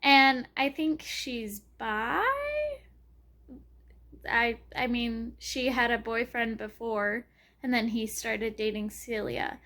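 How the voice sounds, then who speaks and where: A woman talking casually in a reading vlog, gushing and excitable, often squealing and laughing as she reacts to a book. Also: fairly high pitch, slow pace. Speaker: book vlogger.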